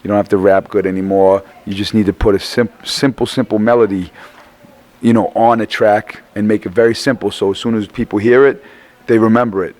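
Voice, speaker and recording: Hoarse, tired man stammering through profane talk. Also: lowish voice, steady tone, brisk, a little mellow. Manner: profane, rambling, stammering restarts. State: tired and hoarse after a show. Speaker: rapper guest. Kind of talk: casual interview chat.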